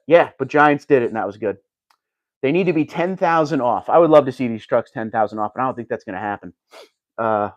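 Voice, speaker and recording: Man, livestream host, chatty, reads comments aloud, mid pitch, dry close sound. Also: no room sound. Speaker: livestream host reading chat. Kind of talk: casual livestream chat.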